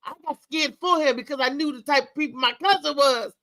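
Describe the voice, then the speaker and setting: A middle-aged woman talk show host with a high, bright voice tells a candid story with emphatic, animated energy. Her voice is close and dry, with no room sound. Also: a little fast, no room sound, low-quality recording.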